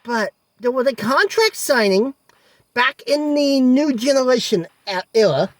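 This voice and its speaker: A woman's voice: high-pitched, big pitch swings, a little slow, no echo. A woman co-hosting a casual wrestling talk show, eagerly booking matches and acting out promos in quoted voices. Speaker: podcast co-host.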